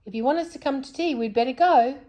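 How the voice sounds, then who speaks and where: A woman's voice: sits high, fast talker, voice pushed up, lightly acted. A woman doing eager young boy Joe. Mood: urging. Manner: bright, urgent calls.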